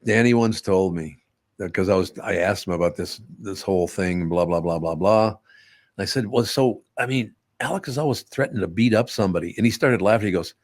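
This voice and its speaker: Wry low-voiced man, dry close sound. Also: fairly quick, no room sound. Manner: blunt, wry, anecdotal. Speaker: host. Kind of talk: casual radio show chat.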